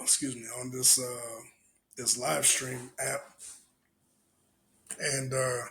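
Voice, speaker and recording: A man's voice: medium pitch, creaky, fairly bright tone. A man hosting a podcast, giving loose, profane, laughing reaction commentary on clips. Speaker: podcast host.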